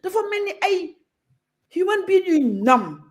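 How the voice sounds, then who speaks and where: A woman's voice: very high-pitched, big pitch swings, unhurried. A Gambian woman talking as a guest on a talk show, outspoken and passionate, moving freely between Wolof and English.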